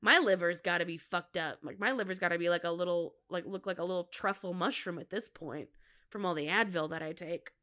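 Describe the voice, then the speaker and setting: A Midwestern-accented comedian from Minnesota, in her thirties, hosts a casual solo podcast chat, candid, jokey and self-mocking with laughs. Her voice sits on the low side and moves briskly, bright with a forceful tone.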